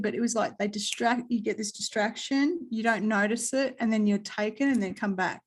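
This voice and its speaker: A woman with an Australian accent, chatting casually as a guest and telling a story in an animated way, acting out what people said and swearing freely. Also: a little high, moderate pace, hardly any pauses. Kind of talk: casual chat.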